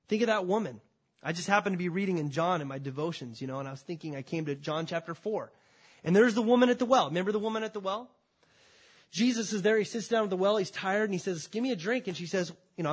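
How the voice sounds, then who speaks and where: A man preaching to his church in a husky, slightly raised voice. He talks in a loose, conversational way, often stopping and restarting his phrases as he addresses the congregation. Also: a little high. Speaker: pastor. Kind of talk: sermon.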